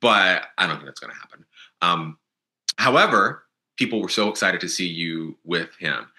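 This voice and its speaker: A man's voice: low voice, animated, normal speed, sharp tone. A man hosting a podcast, interviewing in a chatty, conversational way. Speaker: podcast host.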